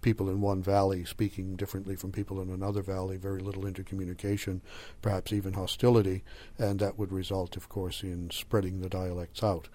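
An older man speaks in a measured, lecturing way during an interview. His voice sits somewhat low and sounds mellow and dark. He pauses to think and weighs his words. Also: monotone. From Boston area. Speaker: interviewee, language scholar. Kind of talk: conversational interview answers.

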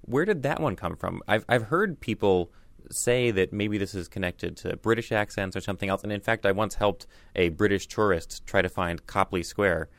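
A male interviewer asks curious, conversational questions in a very deep voice with a gravelly fry. The sound is close and dry, with no room echo. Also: normal speed.

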